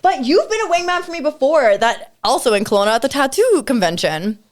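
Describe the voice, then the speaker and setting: Woman, podcast co-host, casual chat, animated, swinging pitch, laughing. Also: brisk. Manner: laughing, swears freely, animated storytelling.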